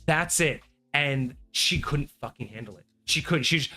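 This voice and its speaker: A man on a gaming talk stream vents about a past player. He talks in an animated, exasperated way and swears freely. His voice sits fairly high for a man, and faint music plays underneath. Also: moderate pace. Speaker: podcast host. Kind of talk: casual chat.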